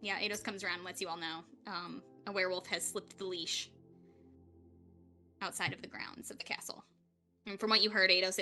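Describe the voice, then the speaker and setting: A woman running a tabletop game as game master, narrating in a chatty, relaxed way with many fillers. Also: fairly low pitch.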